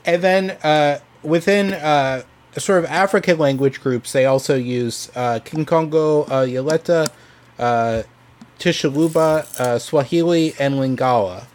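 A man's voice: on the high side, a little slow, darkish tone. A man on a casual podcast presenting facts, hesitant with many ums and restarts. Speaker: podcast host presenting research.

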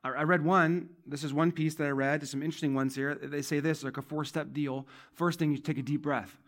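A male pastor's voice sits on the high side, steady in tone and fairly quick, as he gives a sermon in church. He speaks conversationally, repeating key lines and moving from loud emphasis to soft asides.

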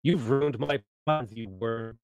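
A man voicing a greedy, smug male wizard who speaks in a slow, menacing drawl, read over an online voice call. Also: mid-range voice, a little mellow, dry recording. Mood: furious.

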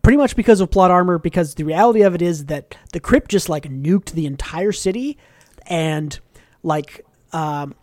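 A man with a fairly high voice chats casually on a podcast, recapping a comic with plenty of fillers and acted-out quotes. The recording is close and dry, with no room sound. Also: normal speed, a little mellow, no room sound. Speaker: podcast co-host. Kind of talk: casual book club discussion.

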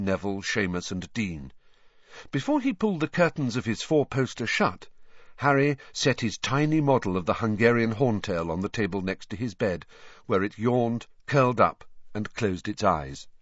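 A man narrating an audiobook in a measured storytelling manner, in a dry, slightly dull studio recording. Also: lowish voice, expressive, fairly bright tone, no room sound. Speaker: audiobook reader. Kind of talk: scripted narration.

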